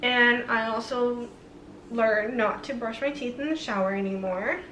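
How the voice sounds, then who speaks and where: A woman's voice: on the high side, unhurried, fairly bright tone, slight background noise. A young woman vlogger chatting casually to camera, rambling with lots of fillers. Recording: roomy, slightly distant mic.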